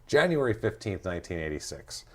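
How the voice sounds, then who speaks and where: A man's voice: low voice, sing-song, brisk, a little mellow, slight background noise. A man hosting a podcast, casually retelling a true-crime story with jokes and swearing. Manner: profane, joking, reads dates and quotes. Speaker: podcast host.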